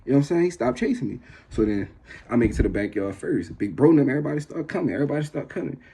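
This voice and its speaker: A man's voice: sing-song, rapid-fire, gravelly, a little hiss or hum. A man casually telling a story to his viewers, slangy and rambling, with many restarts. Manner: gets loud and high when the story turns tense.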